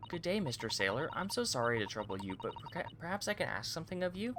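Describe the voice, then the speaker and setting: A man's voice: a little high, big pitch swings, fast talker, background noise, voice pushed up. A man reading the lines of a polite, earnest young male law student who hesitates and stumbles over his words.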